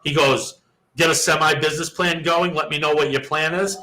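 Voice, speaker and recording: A young man in his twenties or so, chatting casually on a podcast with a fairly high, very bright voice. He tells stories in a profane, lively way and slips into the voices of the people he quotes. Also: brisk, poor audio. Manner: profane, animated storyteller who acts out quoted dialogue. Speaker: podcast co-host. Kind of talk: casual storytelling chat.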